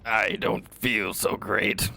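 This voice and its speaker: A man playing a tabletop game, speaking hesitantly with many halting starts. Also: fairly low pitch, level tone, creaky, sharp tone, no room sound. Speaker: player. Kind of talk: casual tabletop play.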